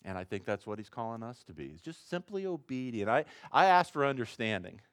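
A man preaching an informal, conversational sermon as pastor, rambling at times and rising to excited emphasis. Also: mid-range voice, fairly quick, smooth, dry recording.

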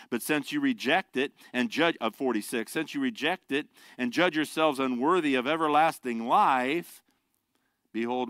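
A man's voice: medium pitch, a bit bright, no echo. A middle-aged man preaching a sermon, a pastor who talks conversationally and jokes with the congregation. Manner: conversational, joking asides to the congregation.

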